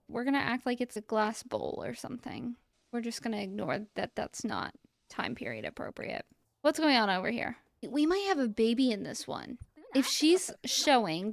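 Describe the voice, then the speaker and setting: A woman's voice: on the high side, no echo. A young woman hosting a casual gameplay commentary, chatty and amused, talking to the game characters as she plays. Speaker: let's-play host.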